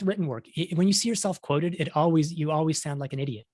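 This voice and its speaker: A man's voice: on the high side, very fast, mellow, no room sound, clean studio sound. A middle-aged man, a science journalist, giving a conversational talk with many restarts, acting out quotes along the way. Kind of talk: conference talk.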